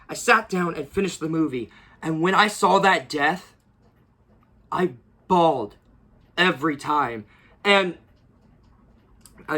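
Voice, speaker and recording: A man's voice: a little high, normal speed, long pauses, pushed and bright. A young man giving a casual, rambling movie review, gushing and repeating himself with many fillers.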